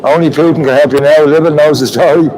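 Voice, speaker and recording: Fast and fairly even in intonation, this man's slightly high, darkish voice comes through a low-quality recording. He has an Irish accent and hosts a livestream at an outdoor street protest with trucks, talking with viewers amid crowd and vehicle noise.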